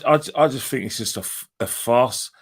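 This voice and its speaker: A man's voice: medium pitch, moderate pace, husky. A man co-hosting a casual boxing chat, giving emphatic opinions with frequent restarts. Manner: emphatic, repeats himself.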